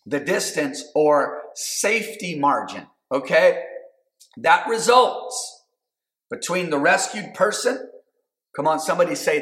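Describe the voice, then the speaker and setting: A man preaching a sermon, building to shouted calls and asking the congregation to respond. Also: high voice. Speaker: pastor. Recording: roomy echo.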